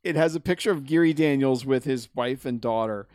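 A man co-hosting a podcast, recapping a movie in casual chat, animated and full of stammered restarts. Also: mid-range voice, a little fast, dry recording, studio quality. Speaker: podcast co-host.

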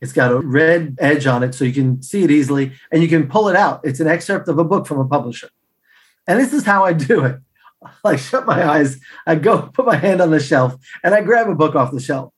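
A man telling stories as a podcast guest, acting out the people he quotes with big jumps in pitch and laughing as he goes. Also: a little fast. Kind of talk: casual storytelling.

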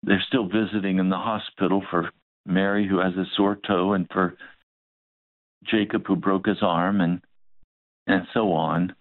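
A man's voice: low-pitched, flat delivery, a little slow, long pauses, no echo. A male pastor preaching a sermon, telling a story and acting out both sides of the dialogue. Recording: dry, phone-like narrow sound.

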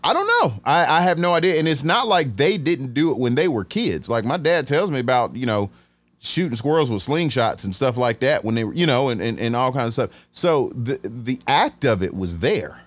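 A man from Atlanta hosting a podcast, telling a story in a casual, animated way, restarting sentences and acting out the voices he quotes. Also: medium pitch, moderate pace, no echo. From Atlanta, USA.

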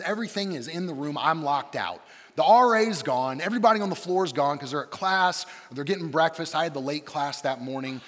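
A man in his thirties preaching as a campus pastor, his voice sitting a bit higher than most men's. He tells funny, self-mocking stories with lively, shifting energy. The sound rings out with long reverb, as in a big hall. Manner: animated, self-deprecating storyteller with shifting energy. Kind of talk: humorous sermon with storytelling.

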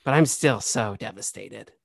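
A man's voice: fairly low pitch, moderate pace, vocal fry, dry recording. A man playing himself in a tabletop game, theatrical and melodramatic. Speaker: player. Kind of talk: in-character role-play chat.

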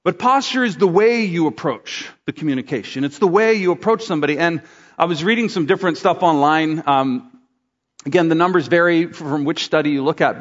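A middle-aged male pastor gives a casual, conversational sermon, slipping into voices to act out examples. His voice sits a little high. The sound is slightly dull and rings with the long reverb of a large hall. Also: a bit bright. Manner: conversational preaching with acted asides.

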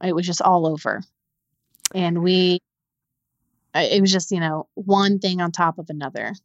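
A woman's voice: on the low side, highs cut off. Woman telling a painful story. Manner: halting, repeats words when upset. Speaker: podcast guest. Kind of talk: emotional personal storytelling.

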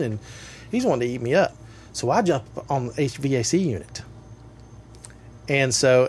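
A man's voice: medium pitch, slight background noise. A man, an appraiser guesting on a podcast, telling a funny story in casual chat and laughing through it. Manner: laughs often, tells stories with strong bursts.

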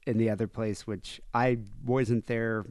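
A man co-hosting a comedy podcast, telling animated anecdotes and mimicking other people's voices in casual chat. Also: on the low side, measured pace, dry recording, clean studio sound. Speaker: podcast co-host.

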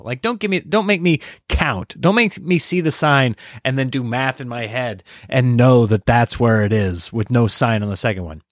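A man hosting a podcast, telling a story in a casual, animated way, ranting in exasperation and laughing at himself. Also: medium pitch, normal speed, no echo, clean studio sound. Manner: self-deprecating, laughs at himself. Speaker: podcast host.

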